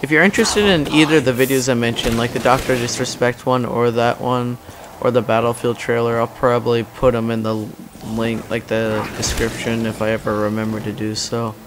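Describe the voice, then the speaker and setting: A man's voice: fairly even intonation, brisk, noisy background. A young man chatting casually over gameplay, telling stories in a rambling way and acting out the people in them. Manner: rambling storytelling, acts out quotes in loud high voices. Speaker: gaming commentator.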